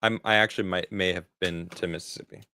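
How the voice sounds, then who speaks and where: A man's voice: low voice, steady tone, fast, pushed and bright, smooth, no echo. A man in his forties, rambling in a casual livestream as he answers viewer chat, often laughing. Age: 40s. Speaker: streamer reading viewer chat.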